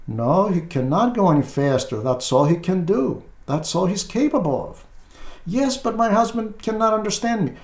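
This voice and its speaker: Outspoken wife, insistent and defensive, as a clergyman quotes her, gravelly tone, echoey room. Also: high voice, very animated, normal speed, voice pushed up.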